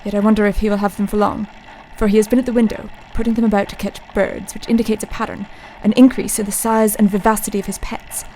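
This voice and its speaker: A woman playing a young male asylum doctor in a radio play, reading his journal in a measured, introspective way. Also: medium pitch, little pitch movement, mellow, slight background noise, lightly acted, poor audio. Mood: brooding.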